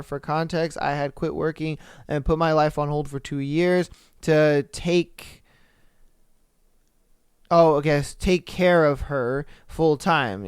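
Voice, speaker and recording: Young guy podcaster reading stories slow, swears a lot, smooth voice, dry close sound. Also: fairly high pitch, no echo. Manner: animated, swearing, loud outbursts. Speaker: podcast host.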